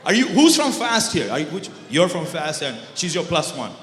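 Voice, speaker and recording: A man's voice: a little high, big pitch swings, normal speed, a bit bright. Guy in his 30s doing standup, teases the crowd, laughs at his own bits, big echoey hall with a long reverb. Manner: teasing, chatty, laughs at own jokes. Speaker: stand-up comedian. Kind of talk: stand-up comedy with crowd work. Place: large banquet hall.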